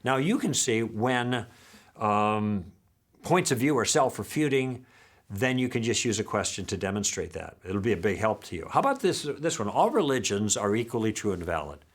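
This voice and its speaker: A man leads a recorded teaching session, working through anecdotes from his own conversations. He acts out each side of the exchange, and his voice swings widely in pitch as he goes. He keeps pulling the listeners in with quick "okay?" and "all right?" check-ins. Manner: animated storyteller who acts out dialogue and checks in with "okay?". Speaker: apologetics teacher.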